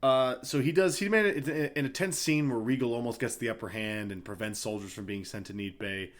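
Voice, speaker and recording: A man talks through a plot on a podcast in a rambling, offhand way, leaning on filler words as he goes. His pitch sits right in the ordinary middle range for a man. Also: fairly quick. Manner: rambling retelling full of uh and like. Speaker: podcast co-host. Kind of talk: casual book discussion.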